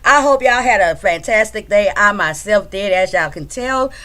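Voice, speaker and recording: A woman's voice: medium pitch, expressive, normal speed, a bit bright. A woman hosting a casual livestream from home, chatting loosely and greeting her viewers by name. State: a bit out of breath. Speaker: livestream host.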